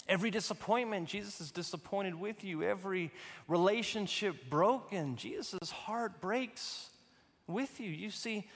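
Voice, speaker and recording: Male pastor, sermon, high voice, emphatic repetition, long church-hall reverb. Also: fairly bright tone.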